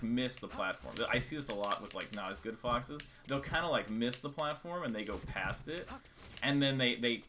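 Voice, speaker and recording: A man giving a relaxed, chatty game lesson on a live stream, counting out long and short beats as he demonstrates. His voice sits at an ordinary middle pitch. Steady keyboard clicks and typing sound clearly behind him. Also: background noise. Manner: casual, repetitive counting out rhythms. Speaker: coach.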